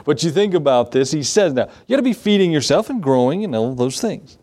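A man's voice: a little high, big pitch swings, a little fast, dark tone. A man, a pastor, giving a conversational sermon with laughs and acted asides. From United States.

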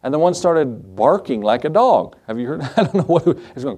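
A man's voice: fairly high pitch, very animated, a little fast, few pauses, warm tone, breathy edge. A male pastor preaching in church in a conversational way, quizzing the congregation and cracking jokes. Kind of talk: sermon.

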